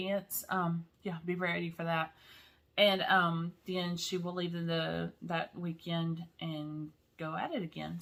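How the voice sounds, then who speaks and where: A middle-aged woman talks casually to her viewers in a bright, forceful voice that sits a little low. She is chatty and emotional and laughs between sentences. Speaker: vlog host. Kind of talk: casual chat.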